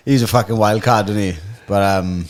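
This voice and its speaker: Laid-back Welshman with a low voice. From Wales. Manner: swears a lot, laid-back banter. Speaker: podcast co-host, fighter. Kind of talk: casual chat.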